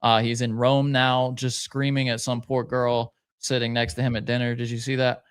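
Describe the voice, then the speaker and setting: A man's voice: mid-range voice, level tone, normal speed, clean tone. A man co-hosting a podcast, reading viewer comments aloud with lots of hesitant fillers. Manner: hesitant, many uhs, laid-back. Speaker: podcast co-host.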